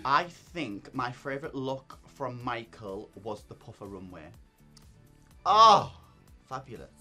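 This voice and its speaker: A man's voice: medium pitch, expressive, unhurried, bright, forceful tone, soft background music. A man who performs in drag, chatting casually as an interview guest, bubbly and often laughing. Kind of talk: casual chat.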